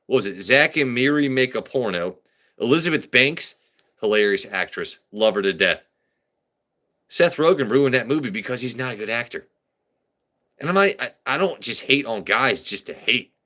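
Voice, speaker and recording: A man chats to his livestream viewers in a loose, riffing way, often stammering and restarting. His voice is bright and forward, and his pitch sits in a middle range. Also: expressive, moderate pace. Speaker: livestream host. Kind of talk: casual livestream comedy chat.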